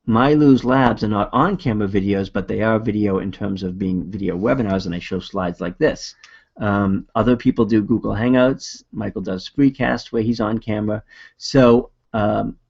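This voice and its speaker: Man, Boston accent, webinar talk, gravelly, husky, dull lo-fi audio. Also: lowish voice, darkish tone. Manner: casual, upbeat coaching talk with fillers. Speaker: video marketing presenter. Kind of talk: webinar presentation.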